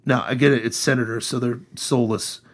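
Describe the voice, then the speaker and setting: A man hosting a casual political chat podcast, sarcastic and animated. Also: mid-range voice, fairly quick, breathy edge. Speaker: podcast host.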